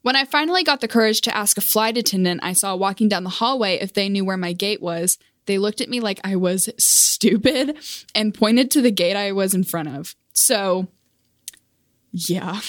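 A young woman recounts an embarrassing trip in a casual vlog monologue, in a voice of everyday pitch. She pokes fun at her own awkwardness and laughs at herself. The recording is close and dry. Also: no echo. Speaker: vlogger.

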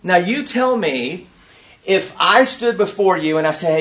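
High-voiced man quizzing an audience. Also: expressive, unhurried, a bit bright. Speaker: workshop teacher. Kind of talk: interactive teaching session. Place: conference room with audience.

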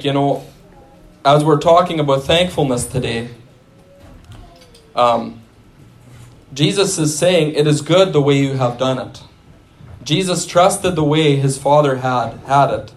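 Male preacher, slightly high voice, chatty sermon delivery with restarts. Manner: conversational, restarts and asides to the congregation.

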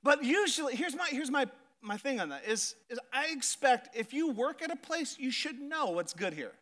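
Bright, high-voiced animated male pastor. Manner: storytelling, animated, builds to emphatic slow points. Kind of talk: sermon. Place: church stage.

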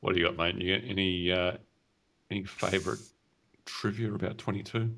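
A man co-hosting a podcast, teasing his partner in a dry, deadpan way. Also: deep voice, fairly quick, vocal fry, slight background noise. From Australia. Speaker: podcast co-host. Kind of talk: casual chat.

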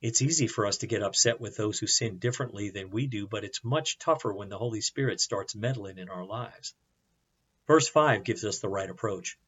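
Husky-voiced male pastor preaching. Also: lowish voice, moderate pace, fairly bright tone, muffled recording. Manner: earnest preaching with rhetorical questions and humor. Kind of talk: sermon.

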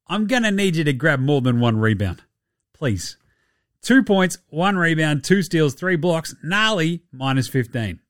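A man hosting a casual sports podcast, animated and jokey, swearing freely. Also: on the high side, no echo, clean studio sound. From Australia. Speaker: podcast host.

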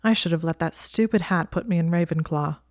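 A woman's voice: lowish voice, a little fast, a little mellow, no echo, studio quality, lightly acted. A woman voicing an exasperated young male wizard with a wry, sardonic manner.

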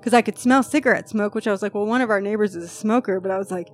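A woman's voice: mid-range voice, rapid-fire, soft background music. A woman hosting a podcast in casual chat, reading a post aloud with chatty, freely swearing asides. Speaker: podcast host.

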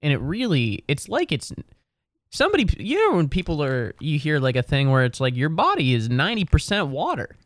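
A man's voice: fairly high pitch, wildly swooping pitch, a little fast, dry recording, clean studio sound. Rambling young man musing to camera. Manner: meandering, self-correcting, wry. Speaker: solo vlogger. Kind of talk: rambling comedic monologue. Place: sitting in a chair at home.

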